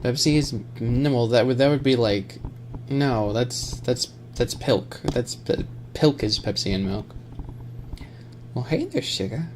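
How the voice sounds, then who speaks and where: A man's voice: mid-range voice, measured pace, darkish tone, low-quality recording. A man streaming on camera, chatting casually in a rambling, jokey way and laughing often. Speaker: ASMR streamer. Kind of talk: casual live-stream chat. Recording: noticeable background noise.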